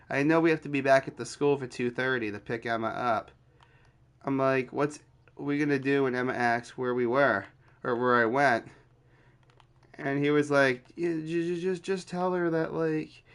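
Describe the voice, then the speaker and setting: A man's voice: mid-range voice, fairly bright tone, clean tone. A young man casually telling a story from his teens, rambling with fillers and acting out quoted dialogue.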